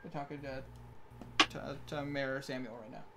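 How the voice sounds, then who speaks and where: Rambling game master from Minnesota. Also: male voice, mid-range voice, fairly even intonation, normal speed, noisy background. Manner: rambling, filler-heavy, joking narration. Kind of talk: narrating a tabletop game over voice chat.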